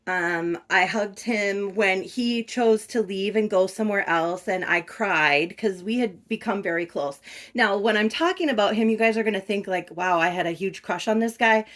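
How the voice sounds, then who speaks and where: A woman's voice: mid-range voice, moderate pace. A middle-aged woman vlogging from her bedroom at home, telling a story in a chatty, gushing way and talking straight to her viewers. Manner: animated, gushing, addresses viewers as "you guys". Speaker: reborn doll collector vlogger.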